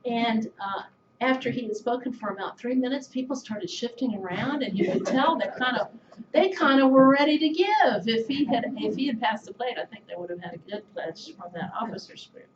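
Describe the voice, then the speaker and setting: A middle-aged woman giving an anecdotal tribute speech, telling stories in a measured way with soft laughs. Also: on the high side, lively intonation, slight background noise. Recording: echoey, slightly dull room recording.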